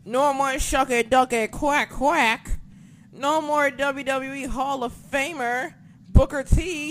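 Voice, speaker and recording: A podcast co-host in a casual recap chat, who talks excitably, swears a lot and acts out their own reactions. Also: sits high, takes it slowly, slight background noise.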